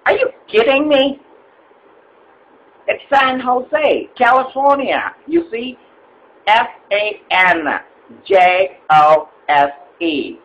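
A man's voice: fairly high pitch, big pitch swings, takes it slowly, fairly bright tone, muffled recording, slight background noise, heavily acted. A man voicing an impatient, rude male customer in a comedy sketch, exasperated and blunt, spelling letters out insistently.

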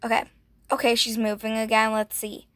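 Her pitch is fairly high but her delivery is completely flat, at a normal speed in a dry recording. She's a young gaming vlogger chatting casually over a game, gushing with breathy gasps and lots of "like."

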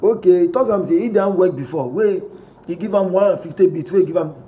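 A Ghanaian-accented man talks through online posts in a lively, playful vlog style, switching between pidgin and English. His voice sits a little high but sounds soft and dark in tone. He chuckles often as he reacts. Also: fast. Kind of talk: casual commentary reading posts aloud.

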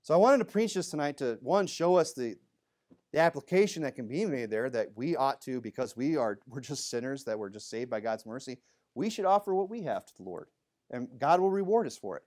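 A man preaching a sermon in an earnest way, moving from quiet, reflective passages to emphatic, rising exhortation. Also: medium pitch, lively intonation, a little fast. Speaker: pastor.

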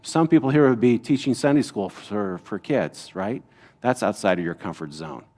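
A man's voice: fairly low pitch, animated, moderate pace, dark tone. A middle-aged man, a pastor, teaching a Bible lesson to his congregation in a conversational way, with rhetorical questions and frequent "right?" asides.

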